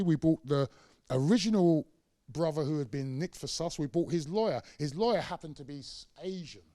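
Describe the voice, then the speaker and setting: A middle-aged man giving a lecture, telling a personal story with lots of life and acting out the voices in it. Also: on the high side. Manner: animated storyteller, acts out quotes, varies loudness widely. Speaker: guest lecturer. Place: lecture hall.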